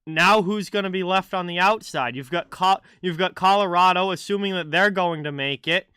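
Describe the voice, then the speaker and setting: A man's voice: high voice, moderate pace, bright, forceful tone, clean tone, no echo, studio quality. A man hosting a live hockey stream, chatting casually about the standings and answering viewers by name. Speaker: livestream hockey host. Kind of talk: casual live-chat commentary.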